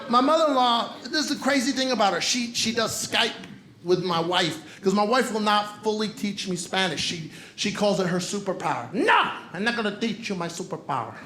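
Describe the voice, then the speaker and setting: A man doing stand-up comedy, teasing the crowd and talking straight to the audience. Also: high-pitched. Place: comedy club stage with live audience. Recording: roomy live venue with audience laughter.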